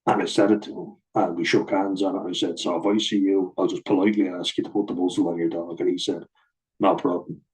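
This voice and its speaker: A man's voice: sits low, level tone, fast talker, a little mellow, poor audio. A middle-aged man, bluntly telling a personal story to camera in a sweary, aggrieved way. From Ireland. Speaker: vlogger.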